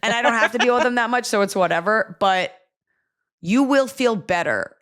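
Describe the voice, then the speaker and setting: A woman's voice: a little high, moderate pace. A woman hosting an advice podcast, chatting casually and bluntly, acting out the people she talks about. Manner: blunt, animated, acts out quoted voices. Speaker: podcast host giving advice.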